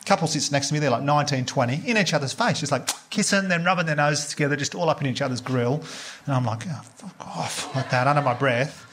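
An Australian man doing a stand-up comedy set, telling crude stories in a deadpan way and quoting other people's voices. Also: mid-range voice, fast. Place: comedy club stage before a live audience. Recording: live stage mic, loud crowd laughter. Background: audience laughter.

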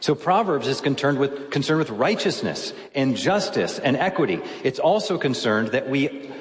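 A man's voice: medium pitch, lively intonation, normal speed. A man preaching a sermon as pastor, teaching through verses step by step and asking rhetorical questions. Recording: echoey hall with long reverb.

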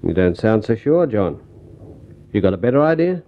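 A practical detective speaks briskly and plainly, his voice lively in pitch. The sound is thin and narrow, like an old radio broadcast heard over a phone line. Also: slight background noise. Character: practical male detective friend. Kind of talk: vintage radio drama acting.

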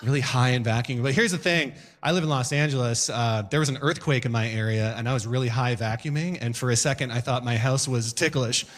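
A man in his forties performing a stand-up comedy set, animated and breaking into shouted high voices for his bits. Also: quick pace, few pauses.

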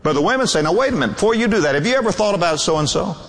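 An older male preacher delivering a sermon, his voice sitting a little high and rising and falling widely. He acts out the husbands and wives he quotes as he goes. The long reverb of a large hall trails behind his words. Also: expressive, rapid-fire, a bit bright.

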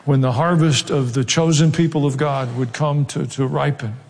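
Southern pastor preaching in a reverberant hall. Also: male voice, mid-range voice, fairly even intonation, normal speed, darkish tone. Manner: earnest, emphatic preaching with repeated exhortations. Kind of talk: sermon.

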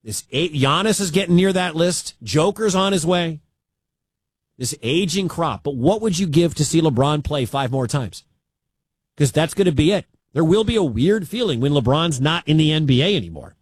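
A man's voice: fairly high pitch, expressive, normal speed, breathy edge, no room sound. A man hosting a sports radio show, talking in an emphatic way and repeating his key points.

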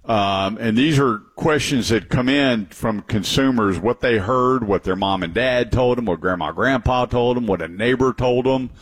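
A middle-aged man hosting a radio talk show, chatting and telling stories in a lively, joking way. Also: medium pitch, normal speed, hardly any pauses. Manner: chatty, lively storyteller with laughs.

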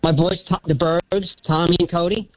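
An older retired man calling in on the phone, with a thin high "helium" voice, rambling from one topic to the next. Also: steady tone, moderate pace. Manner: rambling, jumps between topics. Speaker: caller. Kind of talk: rambling call-in sports talk. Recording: muffled phone-line call.

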